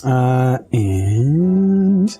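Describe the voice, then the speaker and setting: Man game master, lively pitch, giggly, faint music underneath. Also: very slow. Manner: laughing, animated, jumps into excited character squeals. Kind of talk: narrating a tabletop game.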